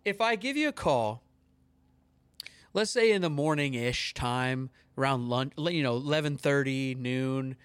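A male podcast host chatting casually, ranting in an animated, theatrical way with exaggerated outrage. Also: medium pitch, a little slow, smooth, no echo. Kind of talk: casual chat.

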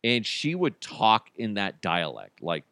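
A man's voice: fairly low pitch, huge pitch swings, unhurried, a bit bright, no room sound, clean studio sound. A man hosting a podcast in casual solo chat, rambling and joking with lots of filler words. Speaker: podcast host.

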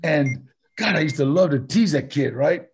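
A man's voice: on the high side, lively intonation, normal speed, gravelly, husky. An older man, telling stories as a guest in a casual interview, rambling and laughing. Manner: rambling, laughing, full of "you know" and "man". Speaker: guest actor.

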